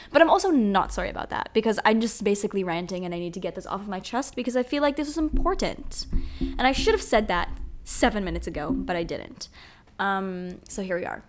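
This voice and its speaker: A young woman hosting a solo podcast, ranting in a profane, animated, rambling way. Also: medium pitch. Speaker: podcast host.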